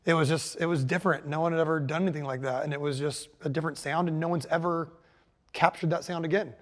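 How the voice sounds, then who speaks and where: A man in his forties talks as an interview guest, his voice sitting a little high for a man. His speech is loose and rambling, full of "like" and "you know" as he circles his thoughts in casual conversation. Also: fairly even intonation, fast talker. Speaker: guest musician.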